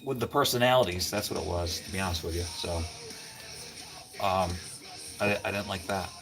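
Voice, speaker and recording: A man's voice: sits low, normal speed, music in the background. Chatty man hosting a garage livestream. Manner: rambling, chatty, greets viewers by name. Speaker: livestream host. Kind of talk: casual live-stream chat with viewers.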